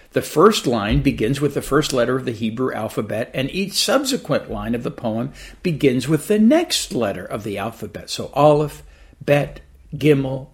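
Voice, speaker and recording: A man preaching a sermon, explaining a psalm and telling a joke in an animated storyteller's manner. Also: mid-range voice, creaky. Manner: animated storyteller with a playful build-up. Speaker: pastor.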